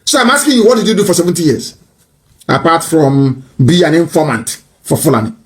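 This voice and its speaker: A man rails in a scornful political tirade. His voice sits a little high and swings from mocking to shouting. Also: sing-song, fairly quick.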